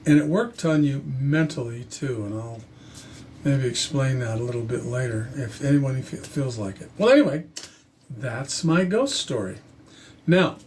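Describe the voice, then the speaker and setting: A man telling his own story to camera in a casual, halting, earnest way, with frequent restarts. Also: medium pitch, animated, darkish tone, slight background noise. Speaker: channel host telling a personal story.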